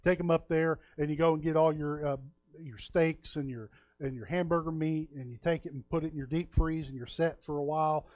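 A man's voice: on the high side, fairly even intonation, a little fast, no room sound. A man preaching a sermon in a folksy, storytelling way, acting out the people in the story. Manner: folksy, storytelling, acts out quotes. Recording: dull, dry lo-fi sound.

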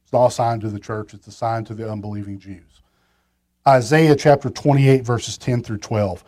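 A man's voice: medium pitch, normal speed, warm tone. A man preaching a sermon from a pulpit, talking in a conversational way with restarts and side remarks to the congregation. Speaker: pastor.

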